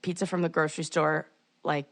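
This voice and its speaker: A woman in her forties co-hosting a podcast, telling a story in a ranting, animated way and acting out the quotes. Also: low-pitched, a little fast. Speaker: podcast co-host. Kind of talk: casual chat.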